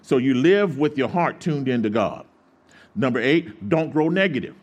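Husky guy preaching, voice jumps all over, call and response with the church. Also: mid-range voice, lively intonation, normal speed, highs cut off. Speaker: pastor. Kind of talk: sermon.

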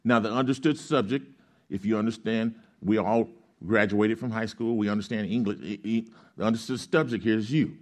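Low-voiced pastor guy preaching, reads a verse then asks the church to fill in the blanks. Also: steady tone, brisk. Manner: teaching tone, asks the congregation questions to fill in; reads scripture aloud, explains Greek grammar. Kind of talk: sermon with call-and-response.

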